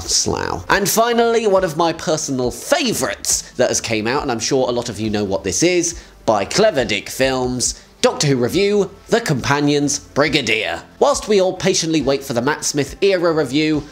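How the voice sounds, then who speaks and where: A man hosting a fan community show, chatting casually and enthusiastically with jokey asides. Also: medium pitch. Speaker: host.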